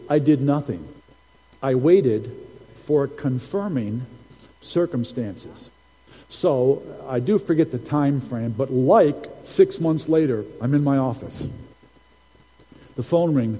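A man's voice: medium pitch, expressive, slow, long pauses, mellow, long reverb tail, rough recording. A man preaching a sermon as a prophet, telling stories and repeating key phrases for emphasis.

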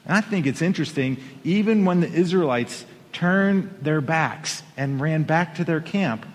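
A pastor preaching a Sunday sermon from a riser in church, telling a story in an animated way and pushing his voice up for emphasis. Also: fairly high pitch, a little slow. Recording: long hall reverb.

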